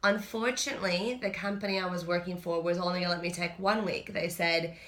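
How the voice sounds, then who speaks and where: Bright-voiced woman telling her story. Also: fairly low pitch, steady tone, a little fast. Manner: chatty, candid storytelling. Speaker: personal trainer. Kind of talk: personal storytelling vlog. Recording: roomy echo.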